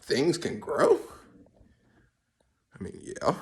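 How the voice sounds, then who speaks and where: A man rambling in a casual comic monologue, swearing and arguing with himself in quick back-and-forth. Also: mid-range voice, huge pitch swings. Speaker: vlogger.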